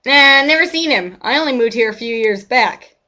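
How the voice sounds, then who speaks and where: A woman's voice: fairly high pitch, lively intonation, moderate pace, sharp tone, pitched above the performer's own voice. Woman doing a folksy old neighbor man. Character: chatty older man neighbor on a walk.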